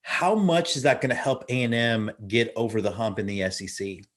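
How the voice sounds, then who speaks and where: A man's voice: medium pitch, lively intonation, fairly quick, a bit bright. A man co-hosting a sports podcast, who steers the conversation with questions and short agreements. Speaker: podcast co-host. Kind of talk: casual sports talk.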